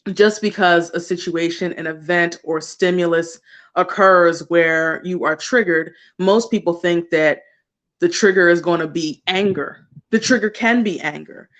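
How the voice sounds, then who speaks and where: A woman's voice: fairly low pitch, fairly bright tone, lo-fi sound. A woman tarot card reader talking casually on a livestream, chatty and loose, laughing often and dropping slang and swear words.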